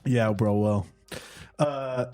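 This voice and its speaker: A man's voice: medium pitch, drawn-out words, darkish tone, faint music behind. A man co-hosting a casual comedy podcast, riffing on jokes and laughing often. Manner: joking, laughs often, riffs on ideas. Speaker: podcast co-host.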